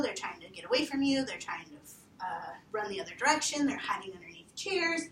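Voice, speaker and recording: A woman teaching volunteers about dog behavior, animated and lively, acting out what dogs think. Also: medium pitch, moderate pace, slight background noise. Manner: animated, acts out dogs' thoughts in quotes. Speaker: veterinary behavior instructor. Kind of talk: training talk to volunteers. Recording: roomy, from far off, faint ambience.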